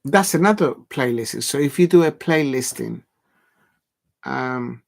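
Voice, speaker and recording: Gravelly man chatting on a livestream. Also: mid-range voice, expressive, unhurried. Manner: rambling, many ums and restarts, blunt. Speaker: livestream host. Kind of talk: casual live-stream chat.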